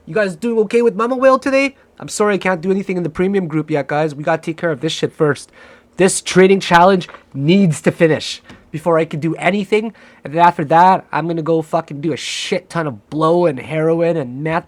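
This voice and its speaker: A man giving live commentary on his own trades, excitable and profane, cocky and joking, often shouting and pleading at the price chart. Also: a little high, brisk, no room sound.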